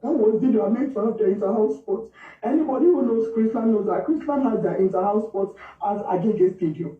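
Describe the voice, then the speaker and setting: A woman's voice: medium pitch, a little fast. Distant, muffled Nigerian mother telling her story. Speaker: grieving mother recounting events. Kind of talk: emotional personal account. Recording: distant, echoey, muffled replayed clip.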